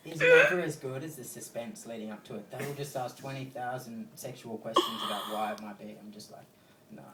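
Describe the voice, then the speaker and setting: A man's voice: mid-range voice, wildly swooping pitch, a little fast. Australian man, stand-up comedian, rambling crude stories, heard from the back of a roomy venue, audience noise around. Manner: rambling, crude storytelling with swearing. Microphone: phone recording from the audience. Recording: distant phone recording in echoey room.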